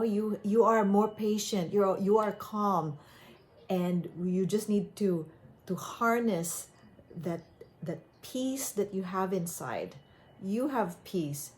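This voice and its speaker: Slow, calm woman giving self-help advice. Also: fairly low pitch. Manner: calm, gentle, conversational with frequent fillers. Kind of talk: motivational advice talk.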